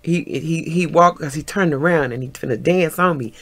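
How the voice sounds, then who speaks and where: A middle-aged woman, telling a story in an animated vlog storytime, acting out what people said and laughing often. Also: sits low, moderate pace. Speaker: vlogger.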